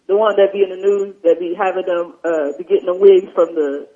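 A woman podcast host with a lowish voice tells stories in casual chat at a moderate pace, her intonation fairly even. It's loose, profane storytelling packed with fillers and swearing. The sound is dull and lo-fi, with a crowd in the background.

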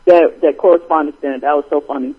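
High husky guy hosting a chill podcast, animated, muffled lo-fi sound. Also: quick pace. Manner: animated, laughs often while retelling jokes. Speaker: podcast host. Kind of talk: casual chat. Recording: dull lo-fi recording.

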